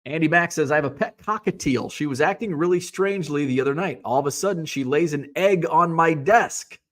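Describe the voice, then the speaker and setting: A man's voice: a little high, brisk, fairly bright tone. A man from Illinois hosting a casual live-stream, reading viewer comments aloud and answering with wry asides. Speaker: host of a sports card hobby show.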